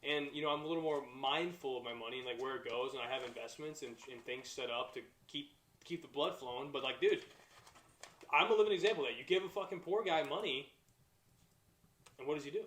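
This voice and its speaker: A young man, telling stories in a profane, excitable casual chat. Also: medium pitch, fairly quick, a little hiss or hum. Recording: echoey room.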